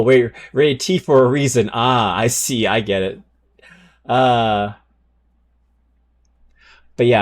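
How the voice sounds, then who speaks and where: A man's voice: on the low side, a little mellow. A man streaming live who chats casually with his viewers, swears freely, and reads game card text aloud. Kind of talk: casual livestream chat.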